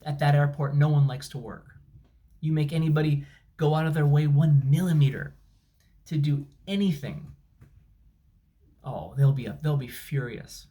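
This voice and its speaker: A man's voice: fairly high pitch, expressive, normal speed, mellow. A man, a travel vlogger, telling an angry, sarcastic, emphatic story at home. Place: at home, indoors. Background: dryer and washing machine running.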